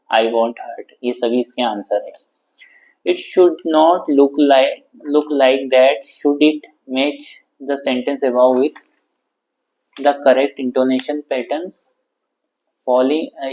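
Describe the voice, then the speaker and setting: A man, a teacher reading exam questions and answers aloud, halting and correcting himself along the way. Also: medium pitch, darkish tone. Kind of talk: exam quiz walkthrough. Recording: dull lo-fi sound.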